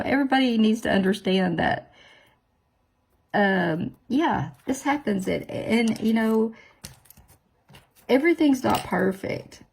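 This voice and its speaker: A woman's voice: lowish voice, gravelly, a little mellow, a little hiss or hum. A woman hosting a nail video, chatting casually, self-deprecating and full of exclamations. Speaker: nail tutorial host. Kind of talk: casual chat while doing nails.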